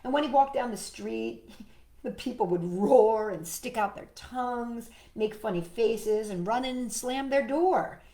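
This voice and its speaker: A woman hosting a children's storytime, reading a picture book aloud in a gentle, expressive way and chatting to a puppet. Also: on the high side, unhurried. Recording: roomy echo, faint music.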